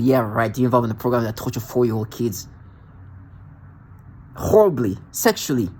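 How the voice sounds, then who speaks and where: A man's voice: medium pitch, animated, brisk, pauses often, breathy edge. Angry man ranting straight at someone. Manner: ranting, confrontational, repetitive. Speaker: vlogger. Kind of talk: angry accusatory monologue.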